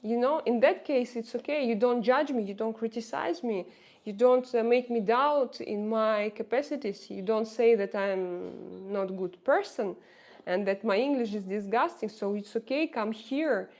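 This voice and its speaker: A woman with a Russian accent, a native Russian speaker, chatting on a live stream, reading viewer comments aloud and talking straight to them with many halting fillers. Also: fairly high pitch, a little mellow. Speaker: livestreamer.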